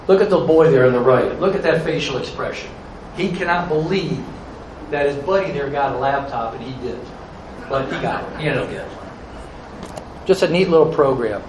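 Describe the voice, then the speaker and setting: A man's voice: mid-range voice, animated, moderate pace, noisy background. A man giving a folksy, earnest presentation about charity work, telling stories to an audience. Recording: echoey room with faint ambience.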